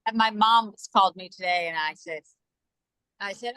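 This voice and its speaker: A woman's voice: mid-range voice, moderate pace, clear, resonant tone, no echo, rough recording. A woman in her forties telling family stories as a podcast guest, acting out the quotes as she goes. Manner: animated storyteller, acts out quotes. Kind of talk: casual podcast chat.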